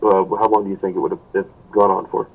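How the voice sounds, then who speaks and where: Man, caller, wry chatty asides, lowish voice, thin distant phone line. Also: level tone, fast, creaky. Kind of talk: casual phone chat. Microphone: phone call.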